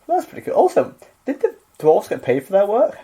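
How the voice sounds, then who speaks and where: A man co-hosting a casual podcast chat. His pitch leaps around as he fires off questions, bright and animated. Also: a little fast. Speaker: podcast co-host.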